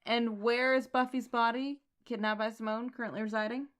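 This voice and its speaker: A woman co-hosting a comics podcast, calm and even-handed, raising quizzical questions. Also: a little high, brisk. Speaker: podcast co-host. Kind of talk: casual comics recap chat.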